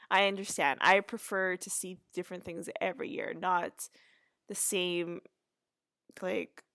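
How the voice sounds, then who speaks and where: Lower-voiced woman recapping chattily. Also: fairly bright tone, dry recording, clean studio sound. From Canada. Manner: chatty, meandering, with frequent restarts and asides. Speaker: podcast host. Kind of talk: casual podcast episode recap.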